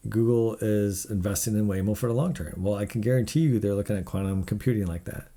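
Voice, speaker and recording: A man's voice: lowish voice, fast, warm tone. A tired man hosting a tech video, talking casually and skeptically through financial figures, blunt and rambling, yawning as he goes.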